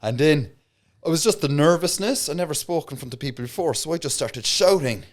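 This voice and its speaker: An Irish man, a comedian guest, telling stories in a casual podcast chat with lively market-stall patter. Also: a little high, a little fast. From Ireland. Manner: lively yarn-spinning, slipping into loud market-stall patter.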